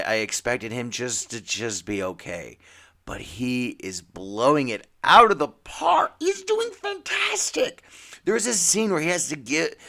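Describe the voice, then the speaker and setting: A man co-hosting a comics podcast, talking in a rambling, animated way with many restarts and little acted-out quotes. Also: medium pitch. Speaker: podcast co-host. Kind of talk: casual chat about comics and TV.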